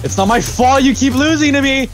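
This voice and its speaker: A man's voice: extremely high pitch, a little fast. A young man in his teens casually trash-talking friends during a multiplayer fighting game. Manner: loud excitable trash talk. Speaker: gaming channel host. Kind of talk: casual gaming banter. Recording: voice chat over loud game music.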